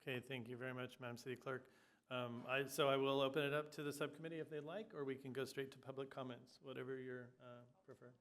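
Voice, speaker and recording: A man serving as mayor, chairing a city council meeting in a brisk, procedural way. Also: mid-range voice, little pitch movement, fairly bright tone.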